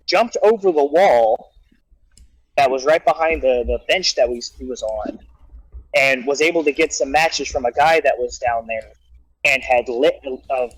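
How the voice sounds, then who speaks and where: A man's voice: mid-range voice, no echo, poor audio. Male storyteller, casual and rambling, acts out quotes, dry close recording. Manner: rambling anecdote with acted-out quotes and restarts. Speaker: guest storyteller.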